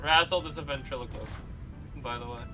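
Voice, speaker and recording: A man's voice: mid-range voice, a little fast, music in the background, low-quality recording. A young man streaming a video game, chatting casually with a friend, laughing a lot and swearing freely. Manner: giggly, excitable, swears freely. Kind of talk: casual gaming stream chat.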